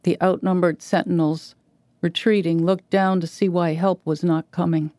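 A woman reading a literary short story aloud in a measured, even way. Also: lowish voice, no echo. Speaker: reader.

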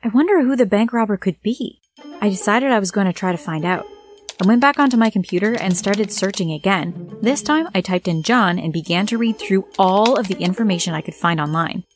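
A woman narrating a scripted first-person story with a plain, steady reading. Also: medium pitch, a little fast, faint music behind.

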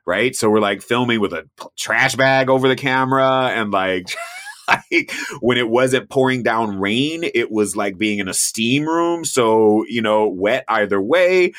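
A man as a podcast guest in casual interview chat, telling animated travel stories and laughing often. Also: mid-range voice, measured pace. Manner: animated storyteller, laughs often, mimics voices in quotes.

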